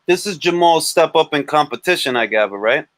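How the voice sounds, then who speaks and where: A man hosting a livestream, talking boxing in an animated, joking and blunt way. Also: a little high, a little fast, no room sound. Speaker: livestream host. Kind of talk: casual boxing chat.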